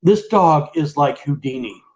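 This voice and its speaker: A man's voice: fairly high pitch, expressive, unhurried, breathy edge. A man co-hosting a casual late-night chat show, rambling and laughing often. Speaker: podcast co-host. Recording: lo-fi dull sound.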